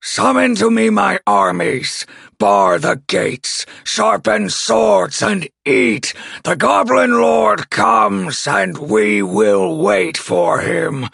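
A man voicing a huge old male goblin chieftain in an audiobook, speaking slowly in a deep, growling, commanding voice. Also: sing-song, gravelly, pushed and bright, breathy edge, dry recording, studio quality, heavily acted. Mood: booming. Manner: slow, heavy, booming orders. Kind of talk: audiobook character voice.

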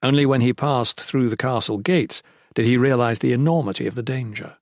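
A man narrates a fantasy audiobook with a steady, measured storytelling style. His voice is mid-range, and the studio-quality recording has no room sound.

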